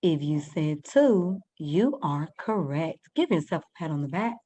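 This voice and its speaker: A woman's voice: sits low, lively intonation, unhurried, mellow. A woman teaching a first-grade reading lesson, patiently sounding out words and guiding young children step by step.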